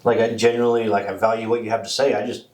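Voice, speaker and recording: A man with a fairly low voice hosts a casual podcast chat. He tells stories in a loose, rambling way and jumps from thought to thought. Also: level tone, racing, a little mellow, poor audio. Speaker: podcast host.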